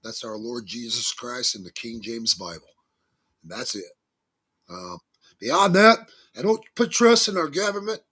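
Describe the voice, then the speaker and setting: A man with a husky, slightly rough voice speaks as a talk-show guest. His pitch swings a lot as he tells stories in a folksy, emphatic way, with frequent religious turns of phrase. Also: sing-song, unhurried, bright, forceful tone. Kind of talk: casual talk-show interview.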